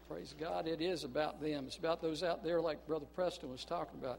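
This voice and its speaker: Emphatic male preacher, slightly high voice. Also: steady tone, a little fast, vocal fry, few pauses. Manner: emphatic, call-and-response, storytelling. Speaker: pastor. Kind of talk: sermon. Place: church.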